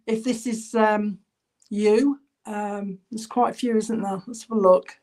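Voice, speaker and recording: A woman working as a spiritualist medium in an online church service, passing on spirit messages in a halting, chatty way and addressing viewers by name. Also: mid-range voice, fairly even intonation, darkish tone. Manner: halting, relays spirit messages with many ums. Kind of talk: online church clairvoyance reading.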